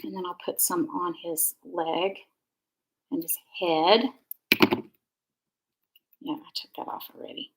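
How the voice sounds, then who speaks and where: Middle-aged woman, lowish gravelly voice, chatty rambling craft-demo host. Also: slow pace, pauses often, poor audio. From Georgia, USA. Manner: chatty, rambling, warm asides. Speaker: card-making crafter. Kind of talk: casual live-stream crafting demo.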